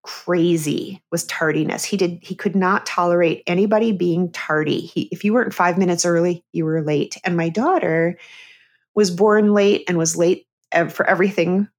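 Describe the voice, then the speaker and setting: A woman's voice: fairly low pitch, steady tone, normal speed. A middle-aged woman, a therapist and comedian, telling a candid personal story as a guest on an interview show. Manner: earnest, candid storyteller who breaks into laughter.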